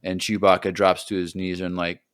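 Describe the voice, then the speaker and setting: With a clear, resonant voice, a level tone, and normal speed, this young man co-hosts a podcast in casual, rambling conversation. He performs film quotes, his pitch leaping up as he does.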